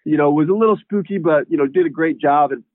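A man's voice: a little high, fast talker, dry recording. Man telling a story over a tinny line. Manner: rambling, repeats words, laughs often. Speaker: guest, horse trainer. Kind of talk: casual interview storytelling.

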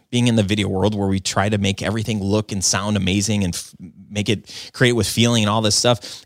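Casual male podcaster, lowish voice, earnest and filler-heavy, dry close sound. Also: no echo. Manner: rambling, filler-heavy with frequent "like" and "um"; earnest and self-reflective. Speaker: video business owner and podcaster. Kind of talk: casual conversational storytelling.

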